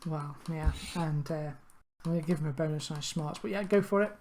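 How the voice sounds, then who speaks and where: Lady game master narrating, lots of ums, lowish voice. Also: a little mellow. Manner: halting, with many fillers.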